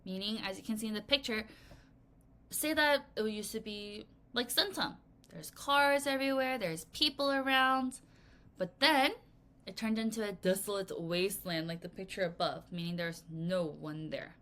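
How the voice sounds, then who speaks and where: A woman teaching a recorded vocabulary lesson for children, explaining words in a playful, expressive way and counting the class in to read aloud. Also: medium pitch, moderate pace.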